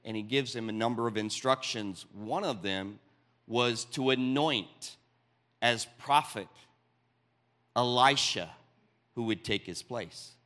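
Man preaching, reading scripture dramatically. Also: medium pitch. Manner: dramatic reading with pauses, drops to quiet asides.

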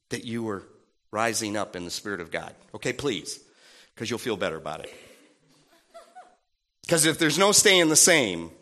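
A man preaching a sermon in a playful, animated way, acting out little voices and sounds. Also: on the high side.

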